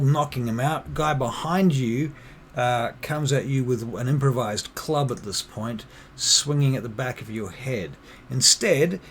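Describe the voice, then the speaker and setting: A man with a mid-range voice acts as game master for a tabletop game, narrating in a relaxed way full of fillers. A little hiss or hum is audible.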